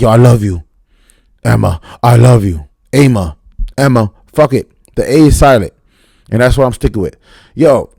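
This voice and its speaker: A man giving an unscripted, profane, slang-heavy recap of a TV episode, talking fast and getting worked up. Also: on the high side, dark tone, no echo. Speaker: TV show reviewer.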